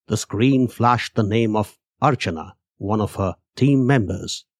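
A man narrating a horror story in a measured, dramatic way. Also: on the low side, no room sound, studio quality. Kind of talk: scripted narration.

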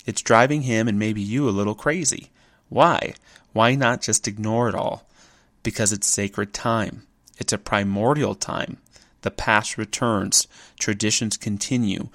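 A man's voice: lowish voice, fairly bright tone, dry recording, studio quality. A man giving a reflective spoken essay, thoughtful and contemplative, who often poses rhetorical questions.

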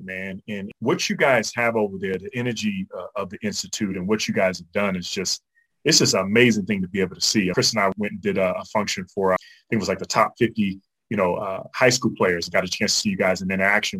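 Husky fast-talking male host. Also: low voice, fairly even intonation, bright, forceful tone, low-quality recording. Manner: enthusiastic, full of fillers like man and you know. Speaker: podcast host. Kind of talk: casual interview hosting.

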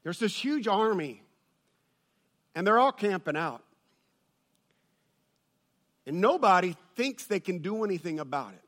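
A man preaching a sermon, telling a funny personal story and building to loud, excited peaks. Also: high-pitched, measured pace, long pauses. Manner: storytelling with humor, rises to shouting. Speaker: pastor.

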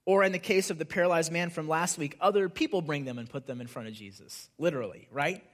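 Man, pastor, sermon, earnest, explanatory, fairly high-pitched. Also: quick pace. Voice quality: repeats words when starting phrases. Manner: earnest, explanatory, reads scripture aloud, frequent tag questions.

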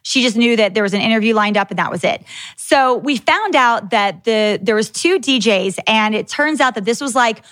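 A woman in her thirties hosting a podcast, telling a candid, animated story in a casual way. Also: fairly high pitch, moderate pace, no room sound. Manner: animated, candid, swears freely. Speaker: podcast host.

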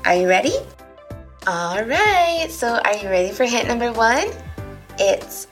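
Woman, children's show host, bubbly, high-pitched, light music underneath. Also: expressive, measured pace, pauses often, a bit bright. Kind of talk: upbeat kids' show hosting.

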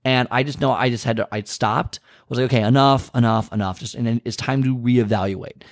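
A man's voice: medium pitch, steady tone, fairly quick, no room sound, studio quality. A man hosting a podcast, talking frankly and animatedly in a casual monologue, venting his frustration with lots of restarts. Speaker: podcast host.

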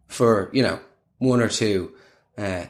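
A man's voice: fairly low pitch, slow. A young man telling a rambling, self-deprecating comic story in casual chat, full of fillers.

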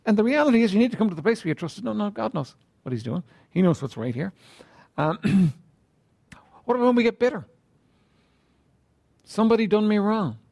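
A man preaching a sermon in a conversational way, asking rhetorical questions and often clearing his throat. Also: sits high, big pitch swings, brisk, long pauses, mellow.

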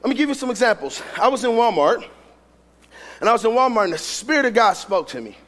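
A man preaching a sermon, telling a story in an animated way with repetition and humor. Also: very high voice, fast talker. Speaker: pastor. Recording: long reverb of a large hall.

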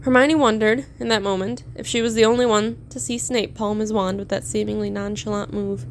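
A woman narrating a story aloud in a steady, measured reading. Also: medium pitch, slight background noise. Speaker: fan fiction reader.

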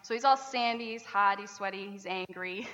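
A woman pastor preaching a sermon in a chatty, animated way, often laughing between points. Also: mid-range voice, normal speed. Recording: reverberant church hall.

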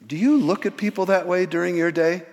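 A man in his sixties telling a story in a sermon, animated, often restarting his words. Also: high voice, brisk. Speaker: pastor. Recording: reverberant church hall.

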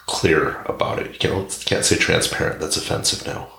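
A man's voice: rumbling low, steady tone, moderate pace, gravelly, bright, forceful tone. A man hosting a podcast and telling a rambling, irreverent comedic story. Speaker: podcast host. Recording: echoey room.

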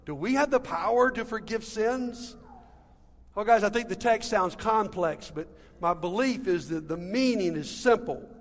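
Guy preaching, high voice, big hall reverb, talks right to the crowd like friends. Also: lively intonation, unhurried. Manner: direct, addresses the congregation as friends and guys. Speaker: pastor. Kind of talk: sermon. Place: church sanctuary. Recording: long reverb of a large hall.

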